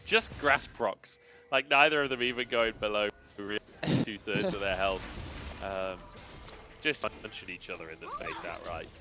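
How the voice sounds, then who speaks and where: A man casting a live esports match, giving analysis with lively, laughing banter. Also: on the low side, moderate pace, soft background music. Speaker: esports caster. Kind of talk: live color commentary.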